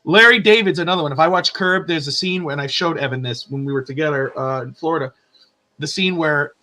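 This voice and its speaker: A man's voice: a little high, bright, forceful tone. A man co-hosting a casual sports podcast, telling stories in a rambling way with many fillers and laughs. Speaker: podcast co-host. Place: lives in Tennessee.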